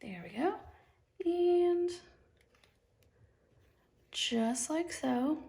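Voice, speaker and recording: A woman's voice: sits high, animated, very slow, vocal fry, dark tone. A young woman demonstrating machine embroidery, chatty and bubbly, gushing over how cute each step looks. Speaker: sewing instructor. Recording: echoey room.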